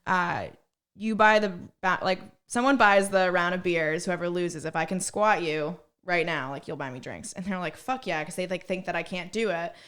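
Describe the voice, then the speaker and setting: A woman's voice: lowish voice, normal speed, a bit bright. A young woman, a comedian guest on a podcast, telling blunt, profane stories in casual chat with lots of filler words.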